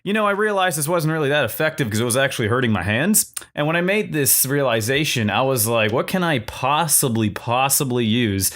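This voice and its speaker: A young man spins a casual storytime in a voice of ordinary pitch, cursing freely and laughing at himself. He jumps into lively high voices when he acts out the people in his story. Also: fast, few pauses. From Virginia, US. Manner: profane, self-mocking, animated story voices. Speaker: storytelling vlogger.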